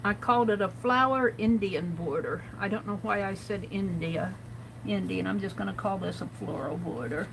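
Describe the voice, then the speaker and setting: A woman's voice: mid-range voice, moderate pace, gravelly, background noise. A woman hosting a live drawing tutorial, chatting and thinking aloud as she narrates and counts each stroke. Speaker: art stream host.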